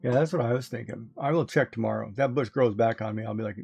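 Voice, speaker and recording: Gravelly, husky man chatting with his viewers. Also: medium pitch, fast, warm tone, faint music behind. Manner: rambling, chuckles often. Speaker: streamer. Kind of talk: casual chat with a live audience.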